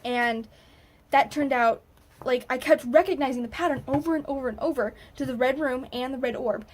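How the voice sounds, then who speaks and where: A woman student recapping a game to her viewers in a casual, animated way, swearing now and then. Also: high voice, brisk. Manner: animated, excitable, swears freely. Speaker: gaming vlogger, student.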